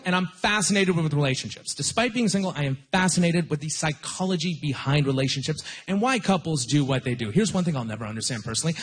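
A man's voice: fairly high pitch, slightly rough. A young man doing a stand-up comedy set, talking in a conversational, self-deprecating way with punchy timing, on a club stage into a handheld mic.

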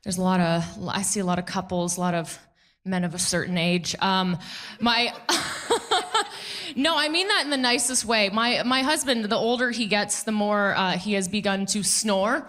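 A woman comedian doing a stand-up set, animated and punchy, often laughing at her own jokes. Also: mid-range voice, normal speed.

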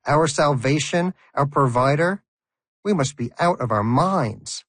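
A man's voice: medium pitch, lively intonation, normal speed, no echo. A man voicing a skeptical, hot-tempered male pet hamster who talks in an exasperated, incredulous way over background music. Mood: outraged. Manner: exasperated, incredulous, raised and sharp.

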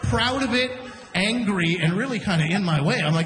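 A man hosting a live comedy show, telling a story on stage in a chatty, animated way, acting out the people in it. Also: high voice, moderate pace, a crowd in the background. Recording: echoey hall from a distance.

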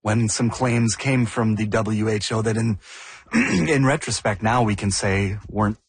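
Husky man asking skeptical questions. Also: fairly low pitch, measured pace, dry recording. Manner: curious, asks skeptical follow-up questions. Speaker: podcast co-host. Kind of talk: casual podcast chat.

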